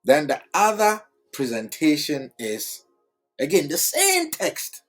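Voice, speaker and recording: A man teaching at a writing board, slow and deliberate, repeating phrases word by word. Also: fairly high pitch, huge pitch swings, faint music behind, low-quality recording. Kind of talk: whiteboard lecture.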